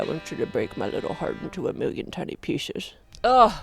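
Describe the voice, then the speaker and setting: A woman chatting casually about her own drawings, excitable and crude, with sudden loud bursts. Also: low voice, moderate pace, gravelly, music in the background. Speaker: video creator.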